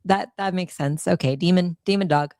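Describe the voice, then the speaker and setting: A woman with a fairly low voice chimes in on a livestream, chatty and quick to laugh. Her voice is dry and close, with no echo. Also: a little mellow. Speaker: co-host on stream. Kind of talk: casual livestream chat.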